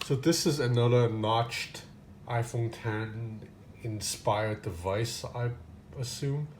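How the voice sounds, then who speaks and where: A man chatting through a phone unboxing as a gadget reviewer, his voice sitting at an ordinary middle pitch. He talks loosely and rambles, with plenty of fillers and restarts. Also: slow, darkish tone, slight background noise. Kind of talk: casual unboxing and hands-on review.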